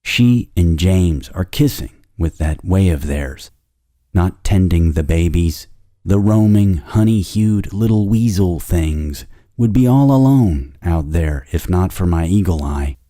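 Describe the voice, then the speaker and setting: Male narrator, deep and unhurried, intense obsessive first-person fiction reading. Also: lively intonation, dark tone, no echo, clean studio sound. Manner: intense, obsessive, lingering on words.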